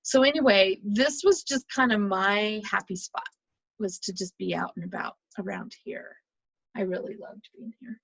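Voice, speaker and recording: A woman's voice: medium pitch, moderate pace, gravelly, husky, no room sound, rough recording. A middle-aged American woman in a casual, nostalgic chat while touring old places on a map. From United States. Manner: chatty, nostalgic, talks over a map tour. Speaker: vlogger.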